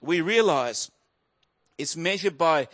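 A man's voice: on the high side, lively intonation, slow pace, a bit bright. A man in his fifties preaching a sermon in an earnest way, repeating key phrases for emphasis. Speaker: pastor.

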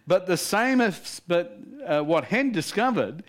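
A male preacher telling a story in a sermon, lively and animated, often laughing between lines. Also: sits high, a little slow.

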